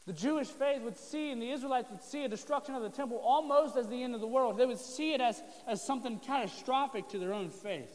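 A man's voice: very high voice, fast talker, hardly any pauses. A man preaching a sermon to his congregation in a casual, conversational way, with joking asides. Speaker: pastor. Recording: long reverb of a hall.

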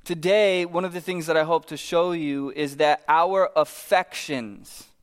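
A man's voice: a little high, unhurried, clean tone. A man, a pastor, preaching a sermon and telling a story with hesitant fillers and light asides.

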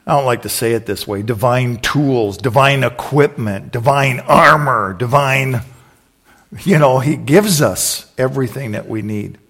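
Man of middling pitch, preacher; lively storyteller who bursts into loud exclamations. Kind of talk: conversational sermon storytelling.

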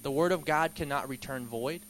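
A young man teaching a Bible study at church in a relaxed, conversational way, with filler words and restarts. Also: medium pitch, normal speed, slight background noise, low-quality recording. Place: church hall.

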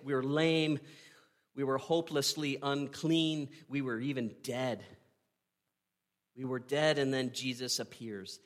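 A man preaching a sermon, retelling a story with earnest drama, pausing and asking "right?". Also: medium pitch. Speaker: pastor.

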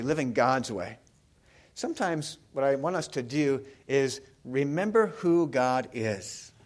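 A man preaching a sermon, talking casually with the congregation and asking them questions. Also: fairly high pitch. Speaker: pastor.

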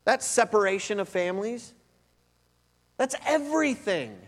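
High-voiced male pastor preaching in a reverberant hall. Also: expressive, measured pace. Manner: emphatic, conversational preaching with repetition. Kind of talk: sermon. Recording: long reverb of a large hall.

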